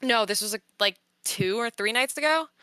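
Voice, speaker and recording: Young woman, bright voice, dry close sound, casual podcast storytelling, exasperated. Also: on the high side, a little fast, smooth, dry recording. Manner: animated, exasperated retelling with frequent laughs. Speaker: podcast host.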